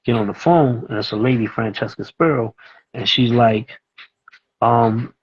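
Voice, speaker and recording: A man's voice: medium pitch, a little slow, husky, dull audio. A man, telling a story casually as a guest and acting out the voices of the people in it. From East New York, Brooklyn. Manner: animated, acts out voices in his stories.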